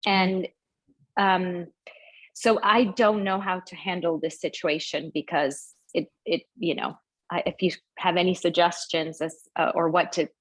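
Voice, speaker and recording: Woman school head, lowish voice, halting and concerned, video call. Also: steady tone, a bit bright, poor audio. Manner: hesitant, many restarts, concerned. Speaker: head of school asking a question. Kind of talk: describing a problem to a consultant.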